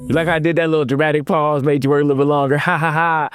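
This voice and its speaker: Man, motivational speaker, animated storyteller, slightly high voice, soft music behind. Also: racing, few pauses, clear, resonant tone. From California. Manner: animated, playful, sing-song at times. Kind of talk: casual storytelling to students.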